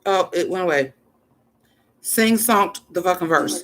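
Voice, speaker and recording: A woman hosting a casual music stream, loose and profane, reminiscing and giving shout-outs to friends. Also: on the low side, a little slow. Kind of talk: casual chat over music. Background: faint hip hop music.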